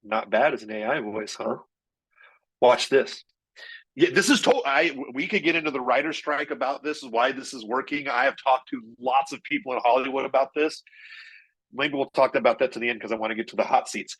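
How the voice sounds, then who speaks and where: A man presenting marketing tools in an energetic, chatty live software demo, with quick shifts in pace. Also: medium pitch, breathy edge, rough recording.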